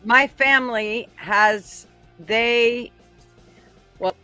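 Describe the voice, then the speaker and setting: A woman's voice: on the high side, very slow, sharp tone, faint music behind. A woman in casual chat on a podcast, blunt and heavy with profanity.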